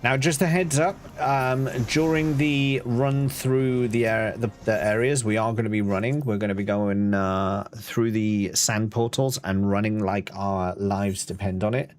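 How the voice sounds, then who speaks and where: A man's voice: on the low side, fairly even intonation, unhurried, hardly any pauses. A man streaming a video game, chatting casually, reading out and answering chat with playful asides. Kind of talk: casual live-stream chat while gaming.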